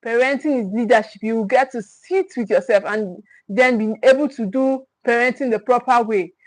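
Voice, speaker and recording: A woman's voice: on the high side, moderate pace, darkish tone, no room sound, poor audio. A woman, a parenting coach teaching on a livestream, stressing and repeating her key points and checking in with viewers. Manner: emphatic, repeats key phrases; speaks directly to the viewers, with check-ins.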